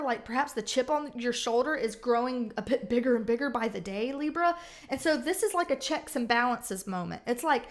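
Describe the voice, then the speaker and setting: A woman with a high voice reads tarot cards for her viewers in a loose, chatty way. She is blunt and salty, and she swears freely as she talks it through. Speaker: tarot reader. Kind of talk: casual tarot reading.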